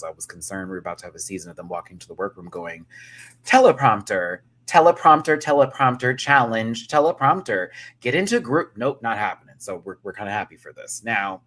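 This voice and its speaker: A man's voice: sits low, husky. A man giving a sassy, dramatic casual rant reviewing a reality TV episode, with cackling asides.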